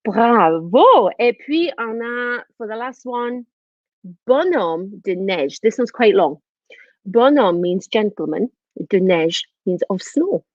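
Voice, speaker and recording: A woman teaching French words to children in an online lesson, repeating each word in a lively, sing-song way. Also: mid-range voice, slow pace, no echo, lo-fi sound.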